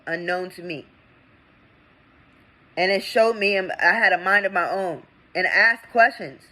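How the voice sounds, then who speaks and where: A young woman and veteran, ranting with indignation in a vlog, swinging between loud outbursts and low mutters. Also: rough recording. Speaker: veteran vlogger. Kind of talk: impassioned vlog rant.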